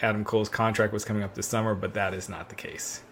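A man's voice: lowish voice, flat delivery, quick pace, a bit bright, slight background noise. A man co-hosting a casual wrestling chat, rambling with many "uh"s and restarts while sipping wine. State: drinking wine, relaxed. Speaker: podcast co-host.

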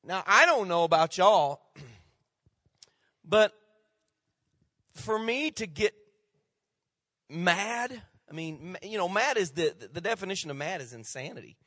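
Pastor in his fifties, folksy storyteller, slightly high voice, preaching in a church with long reverb. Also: very animated, slow pace, long pauses, pushed and bright, clean studio sound. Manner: folksy storytelling with repeated restarts. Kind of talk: sermon. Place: church sanctuary.

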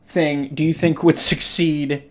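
A man's voice: on the high side, flat delivery, measured pace, fairly bright tone. Young guy just chatting, rambly, lots of likes and restarts. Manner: rambling, filler-heavy storytelling. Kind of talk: casual chat.

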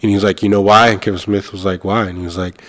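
A young adult man telling a story in casual chat, animated and swearing, acting out the other people's lines. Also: on the low side, racing.

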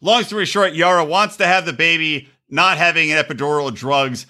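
A man co-hosting a podcast, telling stories in profane, animated casual chat and acting out quick voices. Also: on the high side. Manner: profane, animated storyteller who acts out voices. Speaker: podcast co-host.

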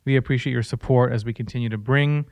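A man's voice: medium pitch, fairly even intonation, fast talker, darkish tone, no room sound. A man in his thirties co-hosting a casual faith-based podcast, telling personal stories in an earnest, conversational way. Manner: earnest storytelling. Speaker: podcast co-host.

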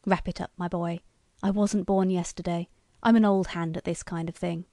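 Woman voicing a gruff skeptical colonel. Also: lowish voice, fairly even intonation, moderate pace, mellow, no room sound, studio quality, natural voice. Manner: blunt, gruff.

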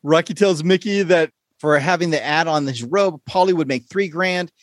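A man hosting a casual podcast quiz, playful and quick to laugh. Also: on the high side. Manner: playful, laughs often, lively delivery. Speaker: quiz show host.

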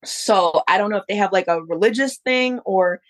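A woman in her thirties, a podcast guest, telling a story in a casual, animated way. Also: medium pitch, normal speed. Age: 30s. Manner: animated, acts out others' voices in quotes.

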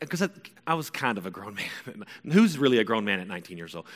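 A forceful, bright-toned man in his forties tells a long personal story to an audience. He rambles and corrects himself, then bursts into high excitement. A long reverb from a big hall trails his voice. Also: fast. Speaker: speaker telling a personal story.

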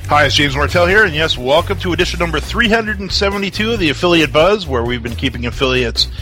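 A man's voice: on the high side, lively intonation, quick pace, bright, forceful tone, soft background music. A man hosting a radio show, upbeat and chatty with rambling asides. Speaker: host. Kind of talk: casual chat.

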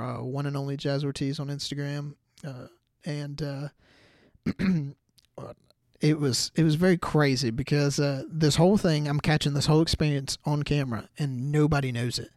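A man's voice: a little high, a little mellow, no room sound, studio quality. A young man hosting a podcast, telling a story in a rambling casual way full of "like" and "you know". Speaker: podcast host.

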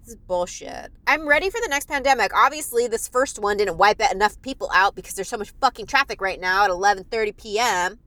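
A woman's voice: mid-range voice, brisk, few pauses, bright, forceful tone, dry recording. Woman comedian, sarcastic profane rant, recorded in her car, casual podcast vlog, young adult. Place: car in freeway traffic at night.

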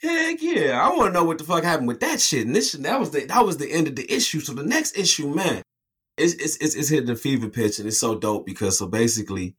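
A man co-hosting a casual comic review, talking in an animated, profane way and acting out scenes with put-on voices. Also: a little high, quick pace, slightly rough. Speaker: podcast co-host reviewing a comic. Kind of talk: casual chat.

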